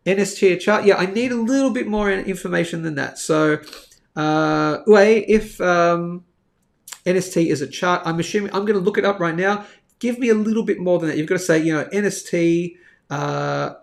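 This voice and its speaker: A man's voice: high voice, vocal fry. A man hosting a live stream on market charts, chatty and thinking aloud with many fillers. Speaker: host of a live bullion market show.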